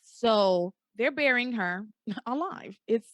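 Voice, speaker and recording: A young woman hosting a podcast, casually retelling soap opera scenes and acting out the characters' lines in a high, dramatic voice. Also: slow pace, no echo. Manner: animated storytelling, acts out quotes in a high dramatic voice. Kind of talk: casual chat.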